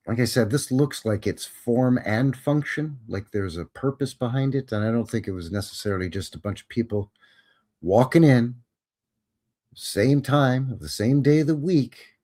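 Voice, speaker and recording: A man's voice: mid-range voice, darkish tone. A man hosting a live show who comments casually on photos, with a wry and joking manner that turns easily to amazement. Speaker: host.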